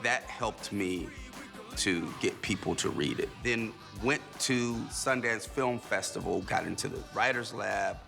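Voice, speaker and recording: A man, a film director, reflecting on his work in a measured, storytelling interview manner. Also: fairly low pitch, gravelly, bright, forceful tone.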